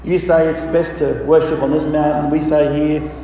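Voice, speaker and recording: A man's voice: a little high, level tone, moderate pace, dark tone, slight background noise. A man preaching a sermon with emphatic delivery and rhetorical questions. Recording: echoey hall from far off.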